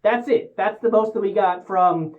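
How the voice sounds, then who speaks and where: A woman giving a casual spoken movie review, exasperated and sarcastic, acting out characters' lines in quick asides. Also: mid-range voice. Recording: tinny phone-like sound.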